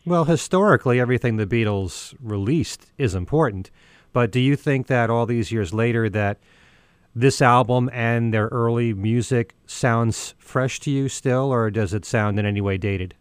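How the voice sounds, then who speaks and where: A man's voice: medium pitch, normal speed, clear, resonant tone, dry recording. A man who hosts a radio show, chatting about music and asking his co-host pointed questions. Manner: questioning, conversational. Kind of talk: casual music discussion.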